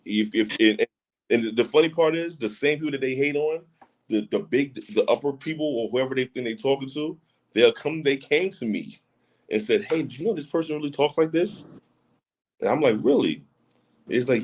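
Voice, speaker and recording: A man with a mid-range, darkish voice speaks expressively at normal speed on a rough recording. He's a casual podcast guest who hammers points home, repeats phrases, and often asks "you know what I'm saying."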